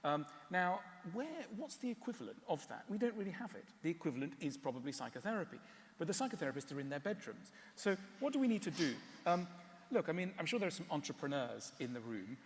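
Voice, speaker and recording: Wry, animated man speaking in a hall. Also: on the high side, fast. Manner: wry, animated, with hesitant fillers. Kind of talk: talk and Q&A answers. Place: large hall.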